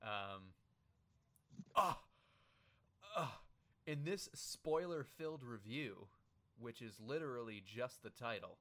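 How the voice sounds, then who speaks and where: A man's voice: medium pitch, animated, slow pace, long pauses, a bit bright, no echo. A man co-hosting a podcast in a casual chat, joking and hesitant with many fillers. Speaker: podcast co-host.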